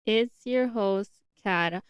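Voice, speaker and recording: A young woman hosting her own podcast on a new mic setup, chatting casually and excitably. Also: medium pitch, drawn-out words, dull audio, a loud crowd, heavy background noise. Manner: chatty, excitable, says like a lot. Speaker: podcast host. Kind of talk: casual solo podcast chat.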